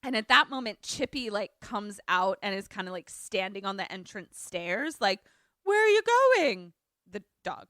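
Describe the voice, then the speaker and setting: Young woman gushing through a movie plot on a podcast, bright voice, dry close mic, pops into silly character voices. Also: medium pitch, no echo. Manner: animated storyteller, acts out characters in quick voices. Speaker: podcast co-host. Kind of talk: casual chat retelling a film plot.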